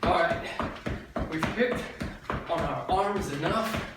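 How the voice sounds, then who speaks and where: A woman's voice: fairly low pitch, slow. A woman fitness instructor coaching a workout while she does it, upbeat, chatty and joking as she cues each move. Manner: upbeat, chatty and jokey, cueing moves as she does them. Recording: very echoey room, distant mic, audible noise.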